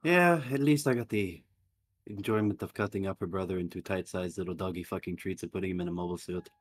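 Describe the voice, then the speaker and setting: A man playing a tabletop game, cracking dark jokes and putting on mock politeness. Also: sits low, fast talker, no echo. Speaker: player. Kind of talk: tabletop game role-play.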